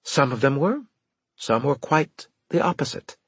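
A man's voice: medium pitch, lively intonation, a little slow, vocal fry, husky, no room sound, pitched above the performer's own voice, full character voice. A man voicing a cool, sardonic female commanding officer in an audiobook. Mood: dry. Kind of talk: audiobook character voice.

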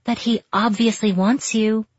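A woman's voice: a little high, steady tone, measured pace, husky, no room sound, highs cut off, voice pushed up. A woman voicing a frank, nosy adult woman friend who presses with blunt questions, in an audiobook. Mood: pressing. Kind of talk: audiobook character voice.

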